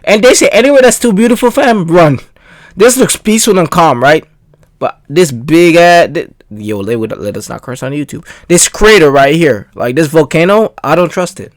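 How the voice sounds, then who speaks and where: A man reacts to a clip in loose, chatty bursts, full of slangy asides. His voice sits a touch high and swings up and down a lot as he talks. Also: lively intonation, normal speed. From Jamaica. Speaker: video reactor. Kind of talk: casual reaction commentary.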